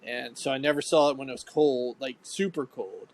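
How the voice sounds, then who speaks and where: A man from Ohio with a mid-range voice co-hosts a podcast at a moderate pace, casually chatting about old times. He's blunt and profane and rambles as he goes.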